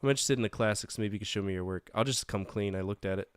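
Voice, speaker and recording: A man with a somewhat low, smooth voice reads a detective game's narration aloud and tosses in wry asides. The sound is close and dry, with faint music underneath. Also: rapid-fire, no echo. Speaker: let's-play streamer. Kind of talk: reading game text and commenting.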